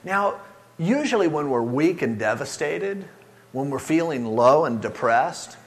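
Man, pastor preaching a sermon, lively rising and falling voice, slightly high, long hall reverb. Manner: earnest, conversational preaching with quoted prayers.

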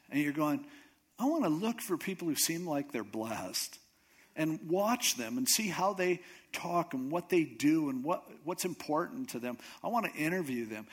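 A man's voice: fairly high pitch, a bit bright, slightly rough. A man preaching a conversational, self-deprecating sermon. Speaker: pastor.

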